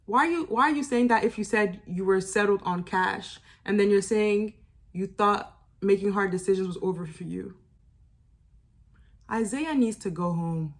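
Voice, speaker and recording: A young woman talks straight to her viewers in a loose, opinionated way. She laughs easily between points. Her voice sits at an ordinary middle height. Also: moderate pace. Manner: chatty, opinionated, laughs often, quotes people in a lowered voice. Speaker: host of a reality-show review channel. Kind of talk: casual chat.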